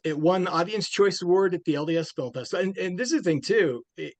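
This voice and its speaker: A man's voice: high-pitched, lively intonation, fast talker, a little mellow, no echo. A man, a film director being interviewed, talking casually and rambling with many restarts and fillers.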